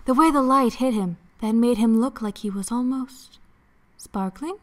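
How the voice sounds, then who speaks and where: Breathy dramatic narrating woman. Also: on the high side, normal speed. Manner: breathy, seductive reading voice. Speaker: game co-host.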